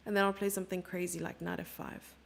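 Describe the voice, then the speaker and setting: A woman's voice: fairly low pitch, level tone, fast, vocal fry. A woman from Germany giving casual, self-mocking live chess commentary, chatting with her viewers and thinking aloud over the moves.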